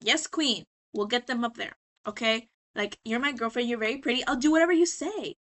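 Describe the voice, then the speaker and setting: A woman's voice: a little high, brisk, fairly bright tone, close to an everyday voice. A tipsy woman quoting a devoted, doting girlfriend who eagerly agrees.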